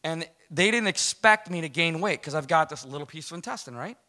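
A middle-aged man giving an animated testimony to a church audience, telling his story casually and acting out what people said. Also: a little high, a little fast. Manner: storytelling, acts out quotes, casual slang. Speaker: guest speaker giving a testimony.

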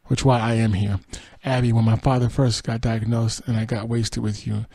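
A podcast host with a dark, gravelly voice reads entertainment headlines and quotes aloud. He drops dry, sarcastic comments between the stories. The sound is close and dry, with no room around it. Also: medium pitch, level tone, normal speed, dry recording. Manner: reads quotes then adds dry sarcastic asides and laughs. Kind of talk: reading entertainment news with asides.

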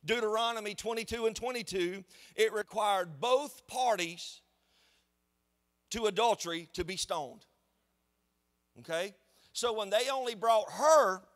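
A man, a pastor preaching a sermon in a church in an animated, conversational storytelling way. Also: high voice. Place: church sanctuary.

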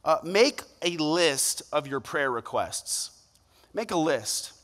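A man preaching a sermon, telling stories with lively quoted voices. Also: a little high, slow. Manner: animated storytelling with playful quoted voices. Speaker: pastor. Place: church auditorium. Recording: long reverb of a large hall.

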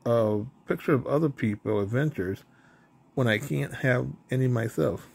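A man's voice: medium pitch, moderate pace, gravelly, slight background noise, close to an everyday voice. A man voicing a bored, sniffly male puppet stuck in bed, complaining in a whiny way.

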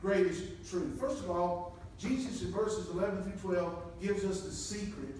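A man preaching a sermon, moving from quiet scripture reading to loud, emphatic points. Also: high voice, a little slow, a little hiss or hum. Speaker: pastor. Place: church sanctuary. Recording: echoey room from far off.

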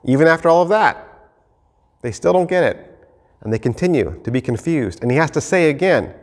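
A man preaching a sermon as pastor, reading scripture and then acting out the scene with lively shifts of voice. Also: on the high side. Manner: animated, acts out the disciples and Jesus in quick voices. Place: church sanctuary. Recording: long hall reverb.

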